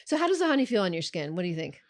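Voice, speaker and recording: A woman's voice: lowish voice, big pitch swings, very fast, no echo. Giggly woman podcast host. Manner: giggly, chatty. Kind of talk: casual chat.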